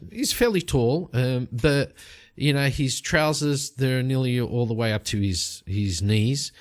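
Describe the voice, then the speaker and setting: A man narrating a solo tabletop game in a relaxed, rambling storytelling way. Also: lowish voice.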